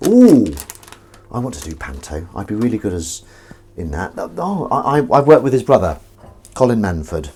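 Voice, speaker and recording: A man's voice: fairly low pitch, wildly swooping pitch, normal speed, darkish tone, breathy edge. A man chatting casually to a live-stream audience from his home kitchen while washing up, rambling and self-mocking.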